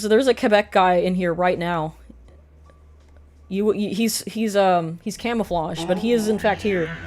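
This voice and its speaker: A woman in her thirties streaming live, chatting casually with viewers, swearing freely and bursting into loud excited greetings. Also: on the low side.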